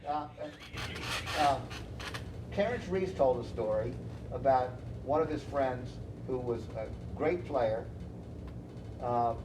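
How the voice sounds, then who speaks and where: An older man who founded a bridge club, retelling card-table anecdotes in relaxed casual chat. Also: mid-range voice, slow, pauses often. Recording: echoey room heard from far off with noise.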